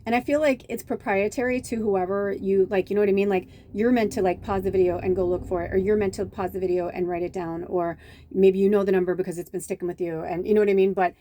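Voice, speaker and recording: A woman's voice: mid-range voice, fairly even intonation, quick pace, warm tone, slight background noise. A middle-aged woman, a medium, telling chatty, rambling stories in a casual spiritual vlog, full of restarts and fillers. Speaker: medium and tarot reader.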